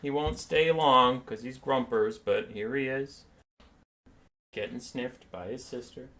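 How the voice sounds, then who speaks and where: A man's voice: medium pitch, slow, a bit bright. A man streaming a strategy game live, chatting casually and playfully and slipping into baby talk with his pets.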